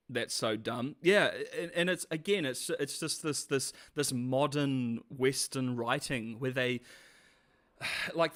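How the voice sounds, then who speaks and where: A man's voice: mid-range voice, fairly bright tone. A man streaming live, chatting casually with viewers and rambling sarcastically with frequent restarts.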